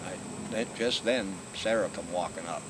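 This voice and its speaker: Older male storyteller, low voice, easygoing and foul-mouthed, recorded outdoors at night. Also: normal speed. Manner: laid-back, profane, laughs often. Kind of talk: casual storytelling. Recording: noisy outdoor recording with crickets.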